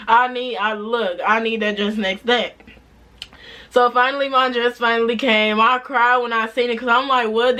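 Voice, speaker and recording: Young woman doing a storytime vlog, bright voice, chatty, keeps checking in w viewers. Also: fairly high pitch. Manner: chatty, animated retelling with repeated asides to viewers. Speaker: vlogger.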